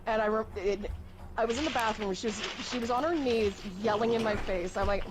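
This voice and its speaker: A woman's voice: fairly high pitch, fairly quick. A woman chatting while gaming, telling a story bluntly with swearing and laughter. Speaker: gamer chatting with friends. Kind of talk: casual chat.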